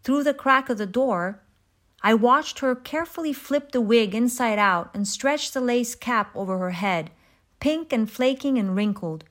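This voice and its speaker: A woman reading a first-person story aloud in a measured, reflective narration. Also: on the high side. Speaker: audiobook narrator. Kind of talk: scripted narration.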